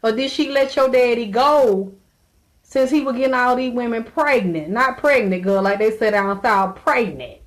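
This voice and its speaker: A woman's voice: on the high side, moderate pace. Brash, profane woman live-streaming. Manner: brash, profane, laughing, talks back to a chat. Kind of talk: casual live-stream chat.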